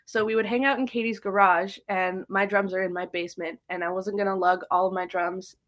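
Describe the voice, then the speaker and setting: A woman's voice: medium pitch, level tone, brisk, a bit bright. A young woman who drums and teaches, telling stories in a casual podcast interview, chatty and full of fillers. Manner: chatty, storytelling, many likes and fillers. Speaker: guest drummer and drum teacher.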